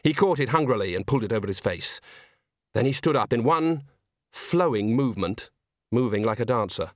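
With a medium-pitched voice, a male narrator delivers a scripted audiobook reading, measured and expressive as he tells the story. The recording is dry, with clean studio sound.

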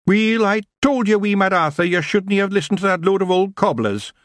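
A rowdy wee Scottish pixie chief. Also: male voice, sits high, normal speed, no room sound, clean studio sound, voice pushed up. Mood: scolding. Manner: loud, excitable, whining. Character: leader of tiny rowdy fairy warriors, male.

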